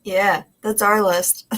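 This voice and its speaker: Husky-voiced teasing woman co-host. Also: medium pitch, a bit bright. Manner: teasing, quick retorts. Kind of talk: casual live-show banter.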